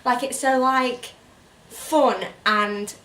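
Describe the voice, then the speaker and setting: A woman's voice: on the high side, steady tone, extremely slow, pushed and bright, reverberant, distant mic. A woman co-hosting a book channel in casual chat, saying "like" a lot and laughing easily. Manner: chatty, lots of "like", can't stop laughing once started.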